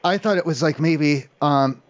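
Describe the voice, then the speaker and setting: A man making a deadpan prank call, rambling and hesitant with lots of ums and restarts. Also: on the high side, unhurried, dull audio, slight background noise. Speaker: prank caller.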